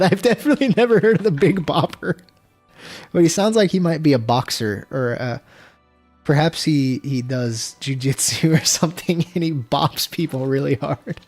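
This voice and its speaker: A man's voice: fairly high pitch, a little mellow. A young man streaming a video game, chatting casually in a rambling, profane way and getting easily exasperated. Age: young adult. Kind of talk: casual gameplay commentary.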